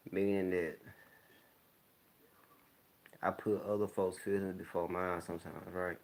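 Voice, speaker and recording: A man with a deep, gravelly voice talks in a loose, unhurried monologue. He speaks candidly and keeps clearing his throat as he goes. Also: level tone, a little mellow. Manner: laid-back, rambling, candid talk with frequent throat clearing. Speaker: vlogger. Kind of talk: casual monologue to camera. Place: home, smoking while talking.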